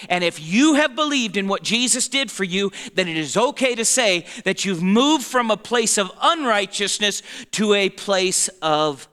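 A man in his forties delivers a sermon in a high, bright voice. He talks slowly and deliberately, with a lively lilt that rises and falls. He keeps checking that his listeners are following along. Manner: conversational preaching with frequent check-ins and laughter. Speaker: pastor.

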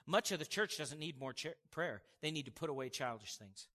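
A man's voice: fairly high pitch, expressive, fairly quick, pushed and bright, big-room sound. A man preaching a sermon in an emphatic, conversational way, with casual asides to the congregation.

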